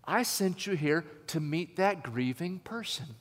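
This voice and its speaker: Man doing holy spirit voice, slow and gentle but firm, echoing hall. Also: fairly high pitch, expressive, voice pushed up. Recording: long hall reverb.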